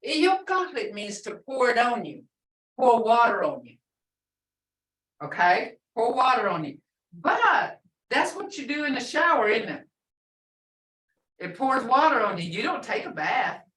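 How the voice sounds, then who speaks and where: A woman's voice: on the high side, very animated, unhurried, long pauses, a bit bright. Older woman teaching from across a roomy space. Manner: explains plainly with many examples and asides. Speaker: language teacher. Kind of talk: language lesson. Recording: roomy, from far off.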